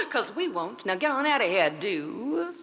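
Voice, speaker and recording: A woman's voice: a little high, sing-song, measured pace, fairly bright tone, echoey room, exaggerated voice. A woman voicing wicked conjure wives who shriek with mocking laughter and shoo a stranger away. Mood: mocking, cackling.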